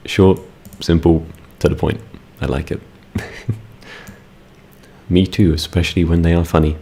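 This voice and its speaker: A man's voice: sits low, flat delivery, slow pace, vocal fry, pauses often, warm tone, breathy edge. A young British man chatting casually with his live-stream audience, laid-back and giggly, rambling with fillers. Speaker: ASMR streamer.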